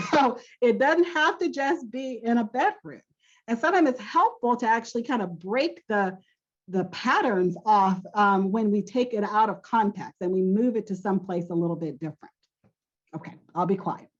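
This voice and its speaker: A woman's voice: fairly high pitch, normal speed, muffled recording. A woman, a guest expert on marriage, giving frank, chatty answers and laughing often. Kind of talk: candid interview answer.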